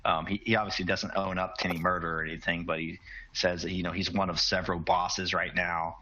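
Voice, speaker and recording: A man's voice: sits low, little pitch movement, brisk, bright, forceful tone, lo-fi sound. A man narrating a tabletop role-playing game as game master, in a casual, hesitant way.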